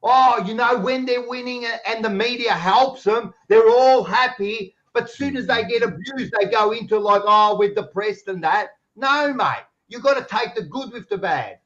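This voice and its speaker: High-voiced aussie bloke arguing hard, mate every line, dull lo-fi sound. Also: male voice, normal speed, few pauses, a bit bright. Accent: Australian. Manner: blunt, combative, says mate constantly. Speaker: podcast panelist. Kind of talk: heated casual debate.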